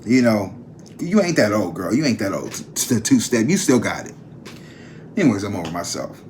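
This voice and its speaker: A man's voice: lowish voice, very animated, fairly quick, a little mellow, slight background noise. Chatty man dishing celebrity gossip. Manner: chatty, slangy, talks straight to viewers. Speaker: psychic channel host. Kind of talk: casual celebrity gossip vlog.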